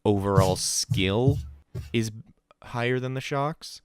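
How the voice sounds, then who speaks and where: A man's voice: medium pitch, slow pace, a little mellow, no echo, studio quality. A young man hosting a casual esports podcast, chatting over a call and quoting people in playful voices. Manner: chatty, quotes people with put-on voices, laughs often. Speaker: podcast host. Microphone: call recording with a remote co-host.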